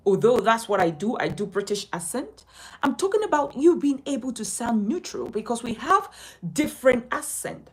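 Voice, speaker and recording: A woman's voice: on the high side, very animated, moderate pace, darkish tone, slightly rough, low-quality recording. A woman from Nigeria teaching a speaking lesson as a communication coach, emphatic and instructive, repeating her key points.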